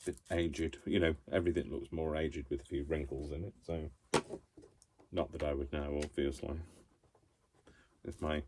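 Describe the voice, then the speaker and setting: Low-voiced man, self-deprecating craft vlogger, chatty and rambling, paper crinkling faintly behind. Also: steady tone, moderate pace, darkish tone, a little hiss or hum. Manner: rambling, self-mocking, talks to himself while working. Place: craft room at home.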